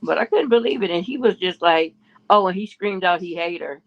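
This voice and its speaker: Gravelly man telling gossip, lo-fi. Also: high-pitched, brisk. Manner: rambling, restarts often, quotes others in a raised voice. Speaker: podcast co-host. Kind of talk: casual gossip storytelling. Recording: muffled lo-fi audio.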